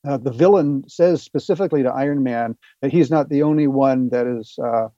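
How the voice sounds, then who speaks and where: A man's voice: medium pitch, a little fast, mellow, no room sound, highs cut off. A man, an author guesting on a show, explaining his ideas earnestly with hesitant fillers over a remote connection. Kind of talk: remote interview.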